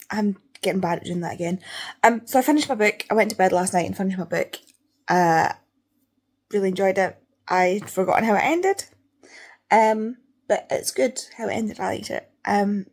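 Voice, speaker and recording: A woman's voice: mid-range voice, darkish tone, husky. Chatty Scottish woman vlogging. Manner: chatty, ranting, swears freely. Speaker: book vlogger. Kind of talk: casual vlog chat.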